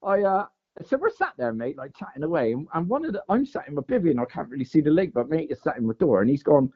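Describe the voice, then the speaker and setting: This podcast guest speaks quickly, his voice sitting on the high side with a slight roughness. Chatting casually, he animatedly recounts a lengthy fishing tale packed with "mate" and "like." The recording sounds dull and lo-fi.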